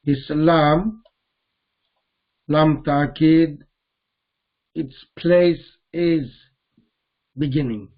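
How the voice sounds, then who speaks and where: A man teaching Arabic grammar in a lesson, slowly repeating terms and putting questions to his students. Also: on the high side, fairly even intonation, dull audio. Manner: slow, deliberate, repeats terms and quizzes students. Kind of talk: live online grammar lesson.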